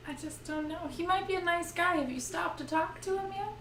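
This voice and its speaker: A woman's voice: very high-pitched, a bit bright. A woman guesting on a game stream, joking around in playful, teasing casual chat. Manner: playful, teasing, quick asides. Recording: roomy, distant mic, background noise.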